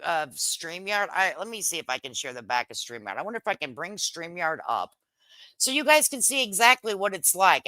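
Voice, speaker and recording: A woman's voice: fairly low pitch, pushed and bright, no room sound. Woman, middle-aged, livestream host, brash and joking, dry close sound. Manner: brash and joking, swears casually, laughs often. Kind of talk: casual livestream chat reading viewer comments.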